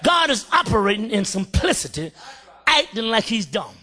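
A male preacher delivering a fiery shouted sermon, calling for amens and acting out voices. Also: high-pitched, very animated, moderate pace.

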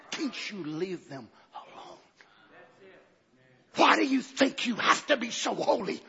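A man preaching a fiery sermon, dropping to low murmurs and rising to shouted climaxes with calls of amen, recorded in an echoey church hall on dull lo-fi audio. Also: very animated, slow pace, creaky.

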